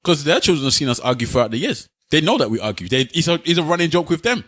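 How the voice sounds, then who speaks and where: A man's voice: on the high side, big pitch swings, very fast, fairly bright tone. A man defending himself in a podcast argument, stumbling over restarts. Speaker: podcast co-host. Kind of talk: heated personal argument.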